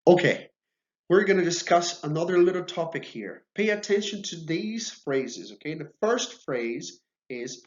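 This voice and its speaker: A man's voice: on the high side, lively intonation, measured pace. A man teaching a video lesson, patient and reassuring, checking in with "okay" often. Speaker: Portuguese teacher. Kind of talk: slow, deliberate video lesson. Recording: roomy, slightly dull sound.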